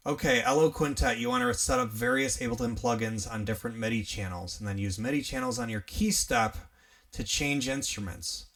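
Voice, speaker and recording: A man's voice: medium pitch, brisk, a bit bright, far from the mic. A man hosting a live stream, casually answering viewer questions and humming to himself as he scrolls through chat. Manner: thinking aloud, hums while scrolling chat.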